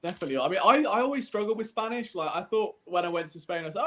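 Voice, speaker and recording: A man's voice: high voice, lively intonation, quick pace, few pauses, fairly bright tone. A young man, co-hosting and telling self-mocking stories in casual chat. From England. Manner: self-deprecating storyteller, laughs often. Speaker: co-host.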